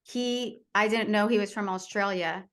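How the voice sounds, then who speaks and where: A woman's voice: mid-range voice, steady tone, moderate pace, clean tone. A woman in her thirties, a sports reporter, telling stories in casual chat with an enthusiastic manner and many fillers. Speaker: baseball reporter, podcast guest.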